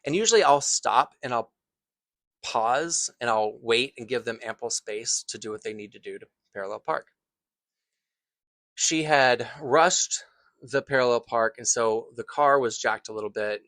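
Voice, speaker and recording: A man who teaches acting tells a personal story in an earnest, thoughtful way, pausing and restarting phrases as he goes. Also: medium pitch, fairly bright tone, dry recording.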